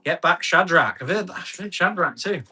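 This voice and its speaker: Chatty bright-voiced man selling tools. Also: high-pitched, lively intonation, moderate pace, breathy edge, faint music behind. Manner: chatty, laughs often, reads out bids and comments. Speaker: live auction seller. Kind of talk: casual live-stream selling chat.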